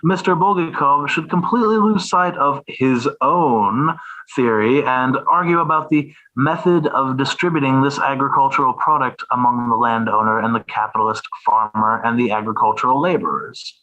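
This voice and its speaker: A man's voice: medium pitch, moderate pace, pushed and bright. A man who is a guest, reading a text aloud in a dry, wry way and then chatting casually. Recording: dull lo-fi sound.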